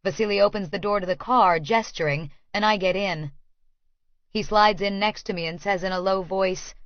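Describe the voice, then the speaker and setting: A woman narrating a first-person audiobook with a clear, expressive reading. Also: medium pitch, normal speed, dry recording, dull audio.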